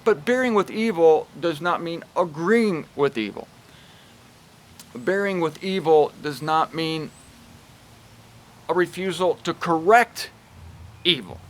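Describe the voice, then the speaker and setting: A man's voice: on the high side, animated, slow pace, long pauses. Emphatic, wry male Bible teacher. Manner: emphatic and wry, shifts pace and loudness a lot. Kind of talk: casual Bible teaching talk.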